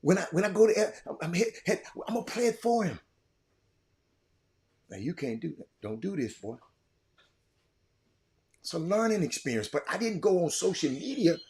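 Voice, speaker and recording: An older man giving an impassioned monologue as a show host, repeating himself and swinging between loud outbursts and quiet, reflective stretches. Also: high voice, sing-song, normal speed, long pauses. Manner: fiery, repetitive, swinging from shouting to quiet.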